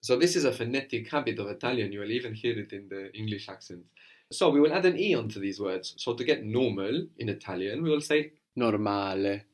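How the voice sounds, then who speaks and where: A man teaching a spoken language lesson, patiently coaxing a student and modelling pronunciation slowly. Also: fairly low pitch, lively intonation.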